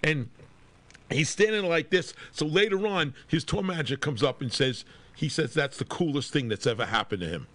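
A man's voice: fairly high pitch, lively intonation, moderate pace, a bit bright, dry recording. A man who plays in a rock band, telling a rambling road story and laughing often in a casual podcast conversation.

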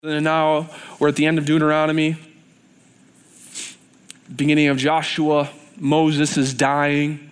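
A male preacher delivers a sermon in a church. His voice sits a little high for a man, and he talks earnestly, repeating phrases as he builds up intensity. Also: monotone, measured pace, long pauses, smooth.

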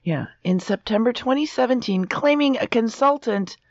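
A woman's voice: a little high, expressive, normal speed, dry recording. A woman reads out a story on a comedy podcast, breaking into laughter now and then. Her voice sits in a middle register, and the recording is dry and a little dull. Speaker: co-host reading a news story.

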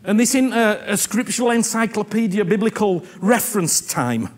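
A man delivers a sermon with earnest animation, his voice sitting high and his speed normal. He repeats himself and keeps asking whether listeners understand him.

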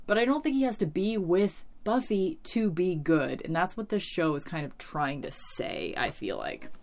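Low voiced woman ranting casually about a tv episode, lots of likes and ums, curses a bit. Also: moderate pace. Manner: opinionated, animated, swears and laughs, many fillers. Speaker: TV episode reviewer. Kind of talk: casual commentary recap.

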